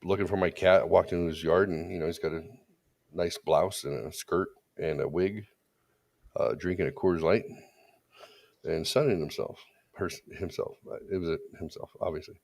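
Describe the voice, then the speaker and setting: Blunt, deep-voiced man on a podcast. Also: moderate pace, creaky, darkish tone. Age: adult parent. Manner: blunt, crude storytelling with frequent restarts. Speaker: podcast co-host. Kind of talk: casual opinionated chat.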